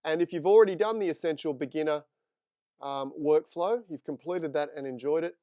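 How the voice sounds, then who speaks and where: A man's voice: fairly high pitch, brisk, no room sound, lo-fi sound. A man teaching photo editing in a live screen-share tutorial, chatting with viewers as he works. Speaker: photography instructor.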